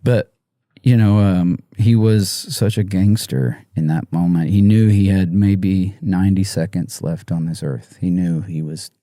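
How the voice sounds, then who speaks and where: A man telling a painful personal story in an interview, halting and soft-spoken with many pauses, emotional and near tears. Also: low-pitched, no echo, clean studio sound. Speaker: musician guest.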